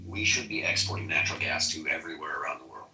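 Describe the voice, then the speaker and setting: A man's voice: rumbling low, steady tone, fast talker, pushed and bright, far from the mic. A man hosting a casual political talk show, blunt and full of rhetorical questions. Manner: blunt, rhetorical questions, retells exchanges in quoted voices. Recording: echoey room, off-mic, faint TV behind.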